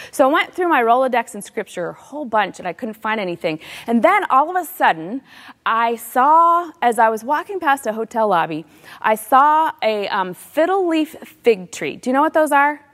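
Middle-aged woman sharing a faith story, heartfelt, goes soft and hushed sometimes, long hall echo. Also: high-pitched, sing-song, normal speed. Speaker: Christian author and speaker. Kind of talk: personal faith talk.

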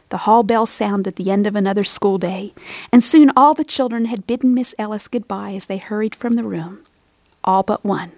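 A woman narrating a storybook in a soft, steady and expressive reading voice. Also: medium pitch, moderate pace, no echo.

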